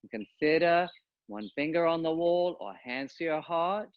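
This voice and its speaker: Male yoga teacher, fairly high voice, calm and paced guided instruction on a dull, lo-fi track. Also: no room sound. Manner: calm, unhurried cueing with pauses. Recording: dull, dry lo-fi sound.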